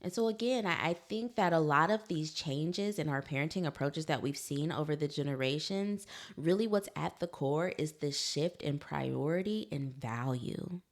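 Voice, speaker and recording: Low, gravelly woman podcast host. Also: moderate pace. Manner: conversational, laughs easily, addresses listeners as y'all. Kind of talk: solo podcast talk.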